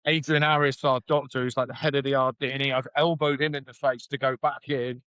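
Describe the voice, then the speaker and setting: This middle-aged podcast guest, once a rugby hooker, speaks quickly in a slightly bright, clear, resonant mid-range voice with little pitch movement. The recording is low quality with no room sound, and his casual stories are candid, full of swearing, and acted-out quotes.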